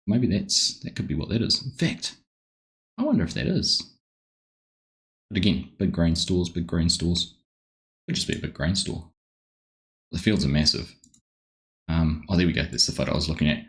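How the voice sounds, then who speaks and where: A man with a deep, low voice talks his way through a live game stream. He chats easily and greets viewers one by one. His talk wanders between the game and side topics. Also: lively intonation, moderate pace, pauses often, fairly bright tone. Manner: chatty, greets viewers by name, easily sidetracked. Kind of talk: casual live-stream commentary.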